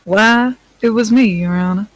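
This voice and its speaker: A woman's voice: mid-range voice, unhurried, a little hiss or hum, lightly acted. A woman voicing a cocky, taunting female witness in a game read-through. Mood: smug. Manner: taunting, self-assured.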